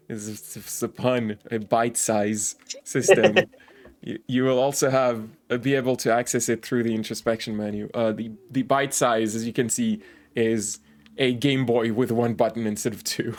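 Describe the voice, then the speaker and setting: A man's voice: medium pitch, steady tone, a little slow, darkish tone. A man streaming a game, reading its text aloud, stumbling over foreign words and breaking off for joking asides.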